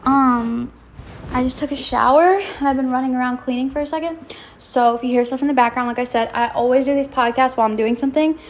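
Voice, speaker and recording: A woman's voice: high voice, fairly even intonation, fast talker, a little hiss or hum. A young woman hosting her own podcast, talking casually and frankly, full of "like" and swearing, slightly out of breath as she moves around her home cleaning. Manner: chatty, frank, lots of "like" and swearing. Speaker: podcast host.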